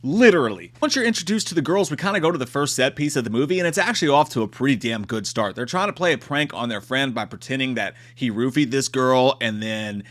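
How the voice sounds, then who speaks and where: A man giving a comedic movie review in a profane, animated way, acting out quotes. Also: medium pitch, fast talker, few pauses.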